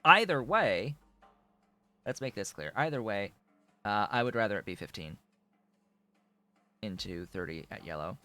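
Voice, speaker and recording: A man's voice: expressive, moderate pace, pauses often, fairly bright tone, clear, resonant tone, no room sound, soft background music. A man streaming a game from home, thinking aloud in a rambling way and correcting himself as he talks. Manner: rambling, self-correcting, coos at his cat in a high voice. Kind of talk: casual live-stream commentary. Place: home room with a green screen. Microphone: desk microphone.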